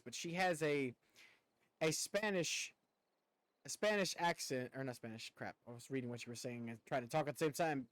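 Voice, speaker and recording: A man's voice: on the high side, no room sound. A man from the United States chatting casually on a live stream, rambling and cursing offhandedly.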